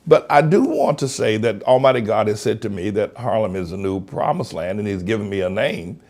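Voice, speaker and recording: A man's voice: lowish voice, very animated, fairly quick, darkish tone. A male pastor preaching a broadcast sermon, emphatic, stretching out key words and repeating himself.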